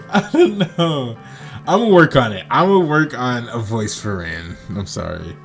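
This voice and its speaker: A man's voice: mid-range voice, very animated, a little slow, creaky, faint music behind. A man hosting a game playthrough, chatting with viewers and reading the story aloud, often laughing self-consciously. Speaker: let's play host.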